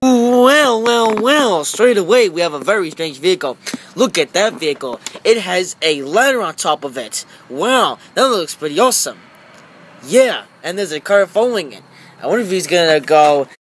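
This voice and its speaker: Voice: mid-range voice, animated, moderate pace, a bit bright, a little hiss or hum. A toy-video creator chatting casually and rambling with lots of fillers while narrating their toy play at home.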